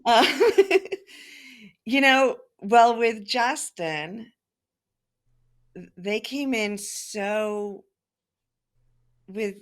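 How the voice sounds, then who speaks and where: A woman's voice: fairly high pitch, expressive, extremely slow, pauses often. A woman life coach, a podcast guest, answering in a thoughtful, hesitant way. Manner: thoughtful, hesitant, with fillers and restarts. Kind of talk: casual interview answer.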